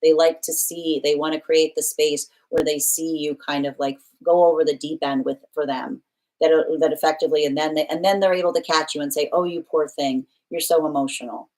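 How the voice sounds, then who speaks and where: Low-voiced woman doing a tarot reading, earnest, keeps explaining and repeating herself. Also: flat delivery, brisk, darkish tone, poor audio. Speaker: tarot reader. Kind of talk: live tarot reading, talking to a client.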